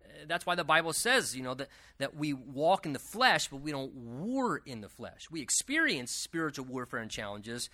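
Speaking in a mid-range voice, a male pastor walks verse by verse through a Bible passage. His teaching is animated and conversational, sprinkled with asides and swift self-corrections.

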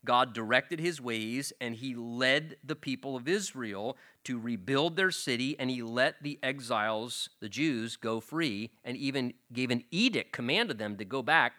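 A man's voice: medium pitch, unhurried, hardly any pauses, bright, forceful tone. A man preaching an expository sermon, explaining scripture verse by verse and often repeating words as he goes. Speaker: pastor.

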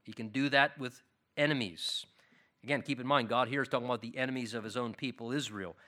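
A man's voice: medium pitch, fairly even intonation, quick pace, bright, forceful tone. A man preaching an expository Bible sermon, earnest and repeating key phrases for emphasis. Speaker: pastor.

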